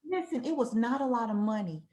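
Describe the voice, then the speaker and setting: Lively woman attorney explaining the law. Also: a little high, a little fast. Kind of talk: casual chat. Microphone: video call.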